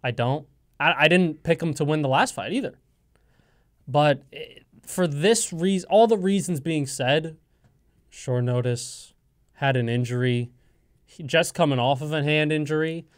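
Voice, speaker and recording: A man's voice: a little high, measured pace. A man co-hosting a college radio sports show, talking in a casual, joking and opinionated way, making firm predictions. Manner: animated, joking, speaks in absolutes. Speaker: co-host.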